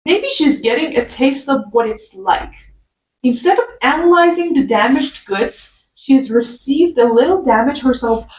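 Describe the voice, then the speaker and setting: A high-pitched woman delivers a casual rant review, exasperated and sarcastic. She scolds the characters directly. Her voice rings in a roomy space, a little away from the mic. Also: lively intonation, normal speed, a little mellow, far from the mic. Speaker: book reviewer.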